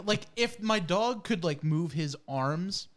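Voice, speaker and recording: A man co-hosting a casual podcast chat, telling lively stories and acting out his dog's noises. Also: high-pitched, slow. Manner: animated storyteller, acts out his dog's noises. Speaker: podcast co-host.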